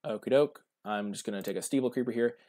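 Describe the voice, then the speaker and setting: A man's voice: medium pitch, fast, mellow. A man giving casual commentary while drafting cards, thinking aloud and answering his chat. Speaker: streamer.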